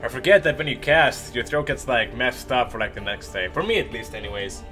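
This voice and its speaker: A young man, an esports shoutcaster with a sore throat, telling a rambling, animated story between matches. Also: medium pitch, brisk, soft background music. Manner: animated, rambling anecdote with lively voiced asides.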